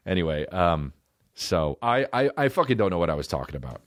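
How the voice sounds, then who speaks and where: A man's voice: sits low, normal speed, slight background noise. A man in his thirties hosting a solo comedy podcast, rambling, swearing constantly, losing his thread. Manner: profane, rambling, animated.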